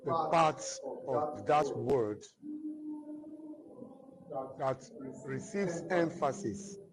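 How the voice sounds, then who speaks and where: Slow, repetitive Nigerian male teacher. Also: a little high, animated, noisy background. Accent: Nigerian English. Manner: slow and repetitive, restating definitions. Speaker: literature teacher. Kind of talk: classroom lecture.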